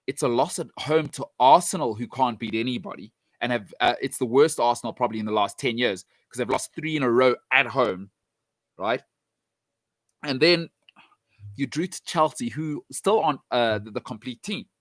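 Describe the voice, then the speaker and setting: A football pundit with a medium-pitched voice speaks at a moderate pace, delivering blunt, emphatic opinions straight to the fans. He drives his points home by repeating them, and the recording has no echo.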